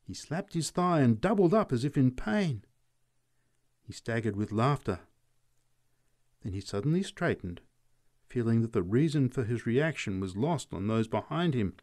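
A man reading a literary story aloud in measured, expressive narration. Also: medium pitch.

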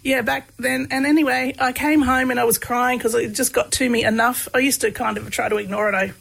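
Gravelly-voiced woman telling stories. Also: on the high side, fairly quick, poor audio. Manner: relaxed, many fillers, laughs while telling stories. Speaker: interview guest, researcher. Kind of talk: casual conversational storytelling.

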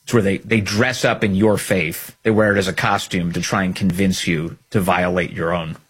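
A man's voice: low-pitched, fairly even intonation, normal speed, breathy edge. A man delivering an emphatic opinion monologue as a political commentator, repeating phrases for effect.

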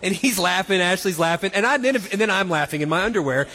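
A man in his forties with a notably high voice tells a story against himself in an animated way, then turns earnest as co-host of a faith session. His voice rings with a long hall reverb. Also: quick pace, slight background noise. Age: 40s. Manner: animated, self-mocking storyteller. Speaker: co-host of a Christian marriage session. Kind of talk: storytelling and encouragement talk.

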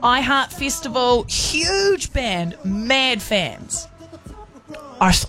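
A woman co-hosting a radio show, telling an animated story in casual chat, peppered with British slang and drawn-out terms of endearment. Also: fairly high pitch, soft background music.

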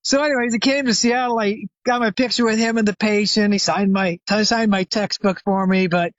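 A man's voice: sits high, fairly even intonation, fairly quick, dry recording, muffled recording. Older man telling a rambling story. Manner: rambling anecdotal telling with many fillers and restarts. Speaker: retired chiropractor, guest expert. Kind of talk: conversational storytelling interview.

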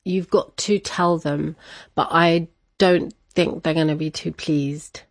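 Lively woman telling a personal story. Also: low-pitched, takes it slowly, no room sound. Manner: animated, laughs often, acts out family voices. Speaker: interviewee.

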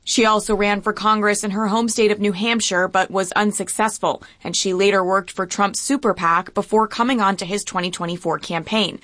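A woman correspondent reading a scripted radio news report in a measured, even delivery. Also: mid-range voice, dry recording.

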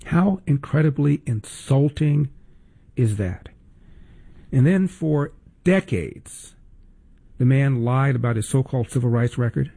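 A man's voice: mid-range voice, a little slow, vocal fry, pauses often, dark tone, husky. A male talk radio host delivering sarcastic, emphatic political commentary with pointed repetition.

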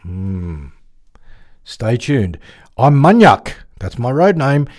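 A man's voice: medium pitch, sing-song, slow pace, darkish tone. An Australian man hosting a community radio show from the studio, chatting and joking to himself. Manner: chatty, jokey, talks to himself. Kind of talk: casual radio chat.

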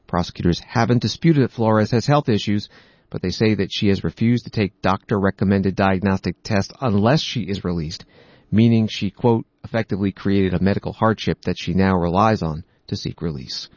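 Man, news host, low voice, steady matter-of-fact reading, dry, dull sound. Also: normal speed, dry recording.

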